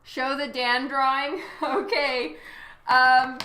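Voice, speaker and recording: A livestreaming artist chats casually with her audience as she works, giggly and laughing often as she reacts to messages. Her high voice is pushed and bright with fairly even intonation and a slow pace, and the sound is reverberant.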